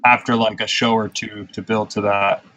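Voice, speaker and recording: A man's voice: lowish voice, flat delivery, normal speed, dull audio, noisy background. A man, a pro wrestler, talking in casual podcast chat, blunt and profane, telling stories with irritation. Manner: blunt, profane, ranting storyteller.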